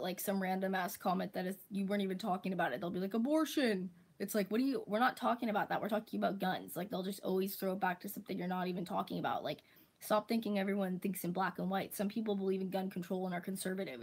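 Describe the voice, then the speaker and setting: A young woman talks straight to the camera in a casual, mid-pitched rant. She swears freely, packs her sentences with "like", and slips into goofy mocking voices when quoting the people annoying her. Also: fairly even intonation, quick pace, darkish tone, poor audio. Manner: exasperated, profane, heavy use of "like", mocking impressions of critics. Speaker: vlogger. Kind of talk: casual ranting monologue.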